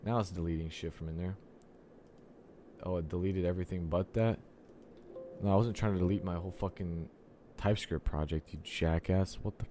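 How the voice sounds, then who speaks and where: A man's voice: low voice, normal speed, long pauses, slight background noise. A young man, a programmer, ranting profanely and with exasperation at his computer during a solo recording. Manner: exasperated and profane, talks to the software. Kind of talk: frustrated solo screen-recording rant.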